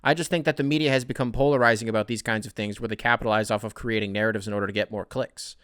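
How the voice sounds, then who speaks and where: A man's voice: lowish voice, fairly even intonation, very fast, fairly bright tone, clean tone, dry recording, clean studio sound. Rambling, profane male podcast host. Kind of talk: casual solo podcast, answering listener emails.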